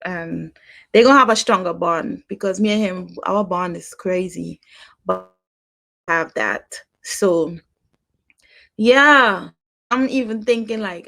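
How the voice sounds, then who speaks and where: A woman's voice: fairly low pitch, animated, takes it slowly, gravelly, long pauses, pushed and bright. A middle-aged woman hosting a podcast, talking in a chatty monologue, repeating herself and laughing often. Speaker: podcast host. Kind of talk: casual monologue.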